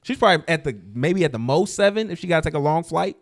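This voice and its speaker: Male podcast host, slangy storyteller with animated pitch. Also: quick pace. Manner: storytelling, laughs often, slangy. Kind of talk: casual gossip chat.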